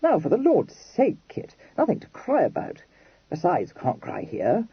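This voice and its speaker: A man playing a blunt young Regency dandy in an audiobook, clipping his slangy phrases short with a lively, up-and-down delivery. The voice sounds husky, in a dry, dull recording. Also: high voice, a little slow, no echo, pitched above the performer's own voice, exaggerated voice.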